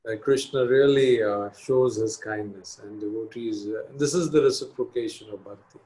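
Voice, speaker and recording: A man calmly wrapping up a devotional class, gently explaining reciprocity in faith. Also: on the low side, normal speed, poor audio. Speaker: class teacher. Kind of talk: devotional teaching.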